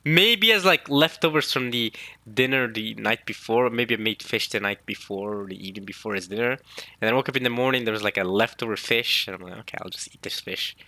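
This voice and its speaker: Brief: casual male comic reactor, rambling, mid pitch, dry close sound. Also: a little fast, bright, forceful tone, dry recording. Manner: rambling and chatty. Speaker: manga reaction host.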